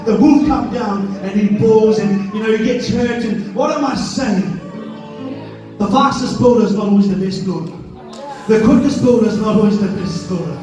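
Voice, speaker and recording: A man with a high voice preaches to a congregation, moving from storytelling into impassioned exhortation. He sounds distant from the microphone in a heavily echoing church hall. Music plays behind him. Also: moderate pace. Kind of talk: sermon. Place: church sanctuary.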